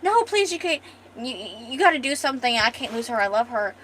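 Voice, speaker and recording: Desperate young man, stammering pleas, slightly high, played by a woman. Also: fast talker, a bit bright, slight background noise, lightly acted. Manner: pleading, stammering.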